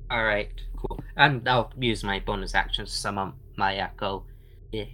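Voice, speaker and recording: A player in a tabletop role-playing game, low-key and given to muttered asides. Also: fairly even intonation, normal speed, pushed and bright.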